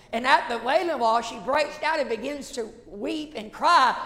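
A man, a pastor telling a folksy story in a sermon that builds to shouted passion. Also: extremely high pitch, moderate pace, creaky, hardly any pauses. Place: church sanctuary. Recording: echoey church hall.

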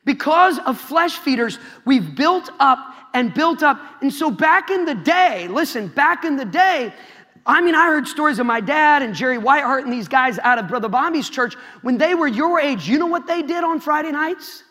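A man's voice: very high-pitched, animated, moderate pace, pushed and bright. A young man from Iowa preaching a sermon to a youth crowd in a large church hall, telling stories and addressing the audience directly. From Iowa, USA. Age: young adult. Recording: long hall reverb.

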